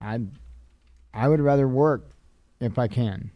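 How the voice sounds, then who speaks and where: A man's voice: mid-range voice, unhurried, no echo, muffled recording. A tired man reading news headlines aloud and adding offhand casual comments. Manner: tired, yawning, offhand asides.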